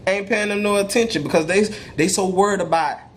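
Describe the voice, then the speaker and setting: A man's voice: sits high, moderate pace, fairly bright tone, slight background noise. A young man talking in casual slang, preaching in an emphatic way about faith and perseverance, with frequent restarts. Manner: emphatic, slangy street talk with repeated restarts; preachy, testifying tone. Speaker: vlogger. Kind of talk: motivational faith talk to camera.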